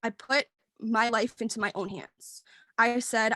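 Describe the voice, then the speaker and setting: A young woman in her twenties speaks in a high voice, close to tears as she rambles through a heartfelt personal story. She fills her talk with fillers and restarts. The sound is dry, with no room echo. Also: fairly even intonation, unhurried, sharp tone. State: tearful, near crying. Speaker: team member sharing her story. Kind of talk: emotional personal testimony. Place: work meeting, dry room.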